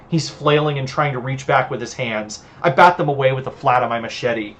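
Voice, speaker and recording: A woman's voice: a bass voice, fairly quick, hardly any pauses. A woman novelist reading her own first-person novel aloud on a livestream, with a sardonic, punchy delivery.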